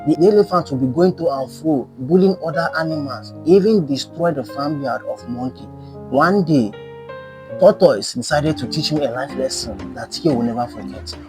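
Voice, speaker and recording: A man tells an animal folktale with lively emphasis and repetition, his voice on the higher side. A guitar plays faintly behind him. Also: normal speed. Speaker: storyteller. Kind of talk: folktale storytelling.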